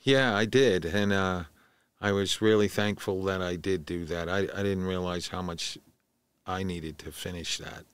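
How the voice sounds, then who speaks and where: A man's voice: low voice, a little slow, smooth, dry recording. An older man with a New York accent, a podcast guest telling stories and acting out his father's words. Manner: animated storyteller, acts out his father's lines. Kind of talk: casual storytelling interview.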